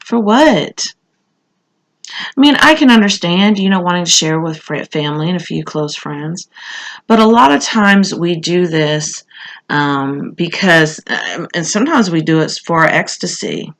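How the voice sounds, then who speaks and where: Woman, tarot reader, casual monologue, slightly low voice, chatty, many fillers. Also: expressive, unhurried, fairly bright tone. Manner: conversational, frequent fillers and asides.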